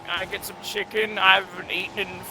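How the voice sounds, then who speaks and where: A young man putting on a scruffy homeless guy's voice, high, nasal and whiny, begging for food while a friend's gaming story plays out over soft music. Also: level tone, quick pace, vocal fry, exaggerated voice, rough recording. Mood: pleading. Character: scruffy homeless man demanding free chicken.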